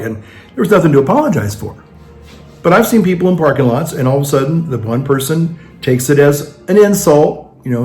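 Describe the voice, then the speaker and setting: A man's voice: a little high, lively intonation, a little fast, darkish tone, soft background music. A man talking casually in a monologue, rambling with frequent restarts and acting out the people he quotes. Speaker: vlogger.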